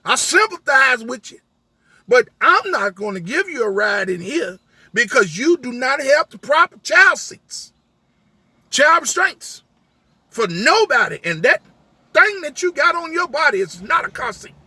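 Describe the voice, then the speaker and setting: A man with a very high voice and a bright, forceful edge tells a rideshare story as a heated rant. His tone is husky and the sound is dry and close. He keeps restaging the argument with line after quoted line. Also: sing-song, unhurried, no room sound. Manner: emphatic, retells arguments with many "I said" quotes. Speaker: rideshare driver.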